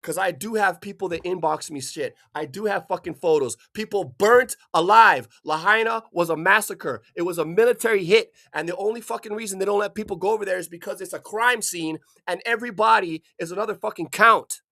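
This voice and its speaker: A man from Hawaii delivering an angry, profanity-filled rant, swearing constantly and bursting into shouts. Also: high-pitched, a little fast, vocal fry, hardly any pauses. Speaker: vlogger.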